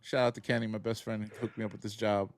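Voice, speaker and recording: A man's voice: lowish voice, very fast, no echo, studio quality. A man co-hosting a sneaker podcast, telling stories in casual chat and laughing often. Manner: laughs often, relaxed storytelling. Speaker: podcast co-host.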